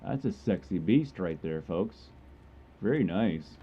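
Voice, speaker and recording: A man's voice: low-pitched, animated, takes it slowly, slightly rough, lo-fi sound. A man giving casual, joking commentary while streaming a game, chatty and rambling as he plays.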